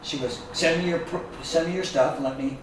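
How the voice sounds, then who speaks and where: Brief: man, animated raconteur, a bit high-pitched, distant mic in a very reverberant room. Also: a little fast, slight background noise. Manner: animated storyteller who acts out quotes. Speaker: guest musician. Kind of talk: casual storytelling chat. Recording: echoey room picked up from a distance.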